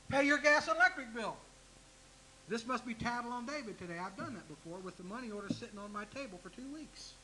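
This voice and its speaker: A man's voice: high-pitched, bright, forceful tone, slight background noise, poor audio. A man preaching a folksy sermon, teasing himself and asking the congregation direct questions. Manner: folksy, self-deprecating, talks straight to the congregation.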